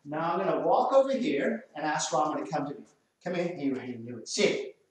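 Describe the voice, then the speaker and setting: A man's voice: fairly high pitch, sing-song, brisk, a little hiss or hum. An Australian man, a dog trainer, explains a drill while giving firm short commands to dogs. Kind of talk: hands-on training demonstration. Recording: very echoey, far from the mic.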